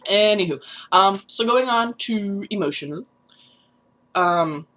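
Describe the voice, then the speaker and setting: A man's voice: sits high, animated, slow pace, pushed and bright. A young adult trans man with a nasal voice, chatting casually in a vlog and rambling with many fillers. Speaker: vlogger.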